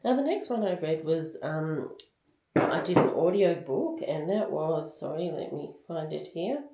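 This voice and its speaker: Low-voiced chatty woman reviewing books. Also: expressive, measured pace, dark tone, echoey room, poor audio. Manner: candid and chatty, with many ums and likes. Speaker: book reviewer. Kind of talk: casual book review.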